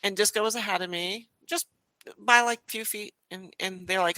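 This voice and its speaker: A young adult woman chatting as a podcast guest and telling stories in a lively way, with lots of restarts and "you know.". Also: medium pitch, moderate pace, no room sound, low-quality recording. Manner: animated storyteller, frequent restarts and "you know". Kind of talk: casual conversation.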